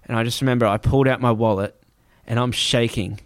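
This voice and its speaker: A man telling a travel story in casual chat, animated and swearing, acting out other people's voices. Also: medium pitch, quick pace, dry recording.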